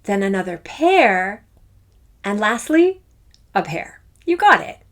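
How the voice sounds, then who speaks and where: Playful woman music teacher talking to kids, bouncy sing-song voice, slow and clear. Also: medium pitch, sing-song. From Canada. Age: middle-aged. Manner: enthusiastic, playful, speaks to children. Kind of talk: upbeat online music lesson.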